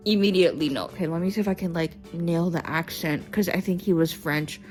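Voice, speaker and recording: A young woman vlogging in her twenties tells a story with a very lively, swooping voice, full of "like" and "right?". Her pitch sits in a middle register. Soft music hums in the background. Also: fairly quick, hardly any pauses. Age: 20s. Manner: animated, chatty, heavy use of "like" and "right?". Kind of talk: casual storytelling vlog.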